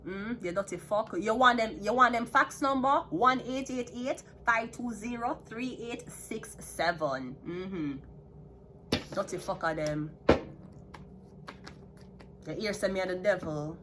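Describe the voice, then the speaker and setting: A woman's voice: mid-range voice, fairly bright tone, a little hiss or hum. A woman with a Jamaican accent ranting heatedly to her viewers, profane and switching between patois and standard English. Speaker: vlogger. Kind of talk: unscripted rant to viewers.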